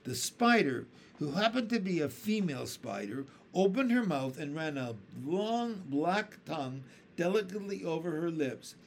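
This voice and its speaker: A man reading a children's book aloud with expressive storytelling. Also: on the high side, moderate pace, a little hiss or hum. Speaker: reader.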